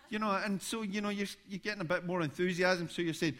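A man's voice: high voice, quick pace, hardly any pauses. A man, a pastor preaching a sermon, telling stories with rising animation. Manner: storytelling, animated when recounting events.

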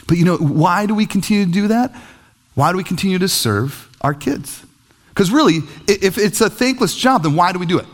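A male pastor in his thirties preaching a sermon with animated, self-deprecating stories about parenting. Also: medium pitch.

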